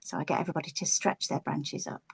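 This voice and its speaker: A woman storyteller telling a children's story to an audience, expressive and playful, stretching out words. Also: low voice, fast, gravelly, slightly rough.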